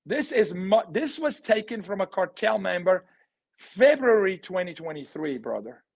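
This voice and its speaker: High-voiced man speaking with force. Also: sing-song, normal speed, creaky, low-quality recording. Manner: forceful, emphatic, repeats key words. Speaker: guest. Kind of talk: impassioned interview talk.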